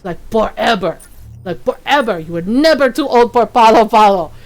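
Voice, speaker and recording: A woman quoting her tiny, fierce mother in a lower, scolding voice. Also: a little fast, lightly acted. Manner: scolding, challenging.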